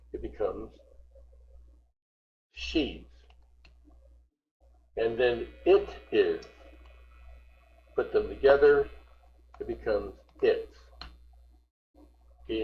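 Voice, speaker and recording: Slow, patient male teacher on a video call. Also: mid-range voice, animated, lo-fi sound. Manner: patient, repeats words slowly to correct pronunciation. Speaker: English teacher. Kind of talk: online group class instruction.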